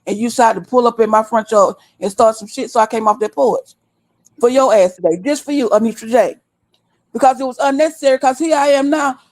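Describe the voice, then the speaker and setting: Woman streamer, high-pitched, blunt and profane, lecturing her viewers. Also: a little mellow. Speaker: livestream host. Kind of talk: heated livestream rant. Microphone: desktop stream mic.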